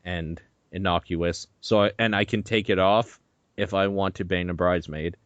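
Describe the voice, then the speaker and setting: A young man hosting a podcast, telling a story in an animated, swearing, laughing way. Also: deep voice, normal speed, no room sound, highs cut off. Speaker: podcast host. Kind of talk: casual chat.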